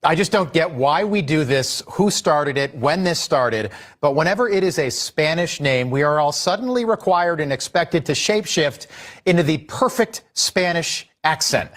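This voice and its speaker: A man's voice: on the high side, lively intonation, moderate pace, a bit bright. A man giving exasperated opinion commentary as a news commentator. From Irish heritage. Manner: exasperated, scolding.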